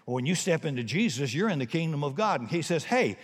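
A man preaching a sermon, telling a story and swinging between hushed moments and shouts. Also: on the high side, expressive, quick pace, husky. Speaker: pastor. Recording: long reverb of a large hall.

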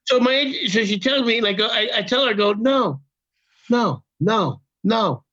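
An older man telling a story as a podcast guest, in a casual, profane, animated way, acting out the people he quotes. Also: very high-pitched, very fast. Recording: dull lo-fi sound.

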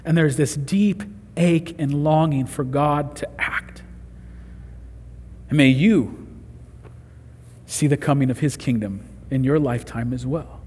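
A man's voice: a little high, slow pace, pauses often, darkish tone, breathy edge. A man preaching a sermon, earnest and conversational, rising to emphatic peaks. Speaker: pastor. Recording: long hall reverb.

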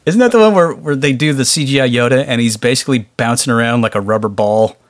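A man's voice: mid-range voice, fast talker, no room sound, clean studio sound. A man co-hosting a podcast in casual chat, laughing often and asking questions. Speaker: podcast co-host.

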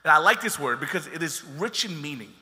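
A man's voice: on the high side, animated, fairly quick, sharp tone, in a large hall. A man preaching a sermon as pastor, talking in a conversational way and joking with the congregation.

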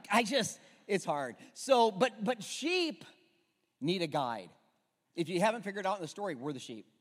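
A man's voice: high-pitched, fairly bright tone, in a large hall. A man preaching a sermon from the pulpit in a church, with joking, conversational asides to the congregation. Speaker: pastor. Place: church sanctuary.

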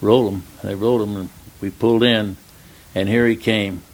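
An older man, a retired stuntman, telling a long anecdote in an interview, acting out the dialogue in plain, relaxed speech. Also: fairly low pitch, normal speed. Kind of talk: storytelling in an interview.

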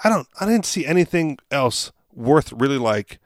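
A man's voice: mid-range voice, very animated, moderate pace, no echo, clean studio sound. A man co-hosting a podcast in casual chat, asking questions and steering the talk. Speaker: podcast co-host.

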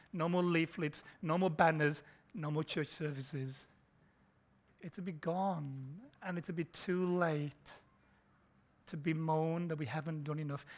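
Guy preaching, kinda high voice, gets loud then drops to a whisper, really urgent. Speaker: pastor. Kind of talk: sermon. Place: church in a shopping complex.

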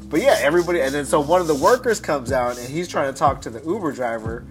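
A man's voice: on the high side, expressive, quick pace, soft background music. A man telling a story in a casual podcast chat, rambling and cursing with frequent restarts.

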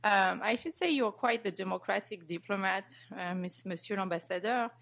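A woman moderates a public panel at a mid-range pitch. She reads a formal introduction at a measured pace, pausing often on small fillers. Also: a bit bright. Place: lecture hall event.

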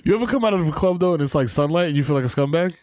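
A man riffs in slangy casual comedic banter. His voice is high and bounces all over the place. The recording is dry and close. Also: expressive, racing, darkish tone, no echo. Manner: slangy, laughing, hype-man interjections.

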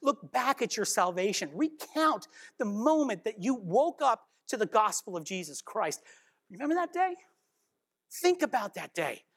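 Woman teaching a bible devotional, kinda high voice, earnest, keeps asking listeners stuff. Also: big pitch swings, unhurried, husky. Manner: earnest, exhorting, asks listeners questions.

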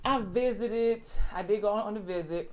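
A woman's voice: medium pitch, normal speed. Laid-back woman with a Southern drawl. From Detroit. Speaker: guest. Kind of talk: casual chat.

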